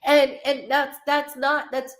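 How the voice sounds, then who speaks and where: A woman's voice: sits high, little pitch movement, slow pace. A woman psychic medium giving a live reading, talking in a rambling, emotional way and cursing freely.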